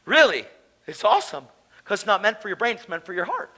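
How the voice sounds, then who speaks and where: Male conference speaker, high bright voice, casual slangy preacher delivering a testimony with big jumps from shouts to near-whispers. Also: fast, poor audio. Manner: animated, swings between loud outbursts and hushed asides. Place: conference hall, live audience.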